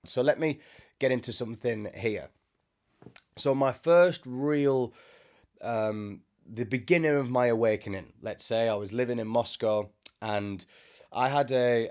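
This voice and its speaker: Seated indoors before a bright camera, a Christian speaker gives an informal spiritual teaching, conversational and full of joking asides. His voice is medium in pitch with a darkish tone.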